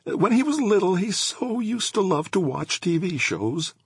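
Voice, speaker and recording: A man's voice: sits high, sing-song, unhurried, breathy edge, dry recording, clean studio sound, pitched above the performer's own voice, exaggerated voice. A man voicing a chatty, eager old woman who rattles on with fond memories in an audiobook.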